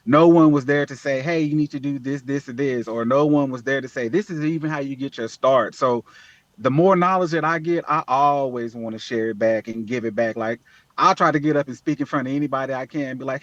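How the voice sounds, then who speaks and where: A man's voice: mid-range voice, fairly quick, fairly bright tone, dry recording, dull audio. An earnest man in a casual podcast interview, often repeating words and saying "man" as he talks. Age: adult with children. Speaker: podcast guest, app founder.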